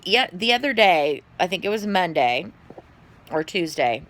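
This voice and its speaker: A middle-aged woman with a drawl, talking straight to her phone camera. She sounds tired and keeps yawning, and she rambles and swears a little. Her voice is bright and her pitch rises and falls a lot. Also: sing-song, unhurried. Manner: chatty, rambling, swears and sighs. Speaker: vlogger. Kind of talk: casual chat to camera.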